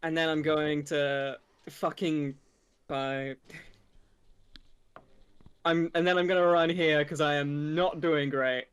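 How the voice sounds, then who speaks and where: Smooth-voiced man, blunt player. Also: on the high side, fairly even intonation, slow pace, long pauses, fairly bright tone. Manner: blunt, swears freely. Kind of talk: casual tabletop game chat.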